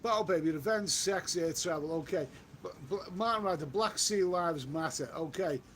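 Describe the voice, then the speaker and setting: A man's voice: a little high, normal speed, fairly bright tone, a little hiss or hum. A man chatting casually on a live stream while out walking, reading viewer comments aloud and repeating himself. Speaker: travel vlogger reading live chat. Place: outdoors on a walk.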